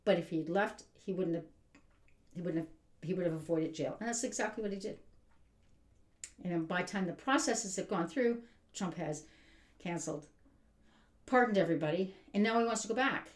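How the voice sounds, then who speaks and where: A woman's voice: fairly low pitch, normal speed, pauses often. A woman giving an exasperated, emphatic rant as a vlogger. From Canada. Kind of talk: ranting commentary. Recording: roomy echo.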